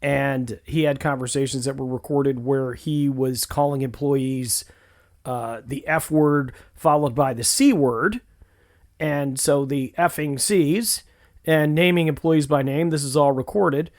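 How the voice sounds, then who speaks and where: A man's voice: medium pitch, unhurried. A man from Western New York hosting a podcast, telling a story and asking questions in a conversational way. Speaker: podcast host. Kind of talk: podcast discussion.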